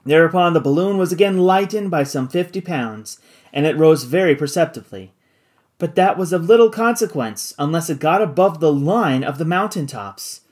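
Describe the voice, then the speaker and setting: Expressive, dramatic audiobook narrator. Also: mid-range voice. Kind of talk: scripted narration of a classic novel.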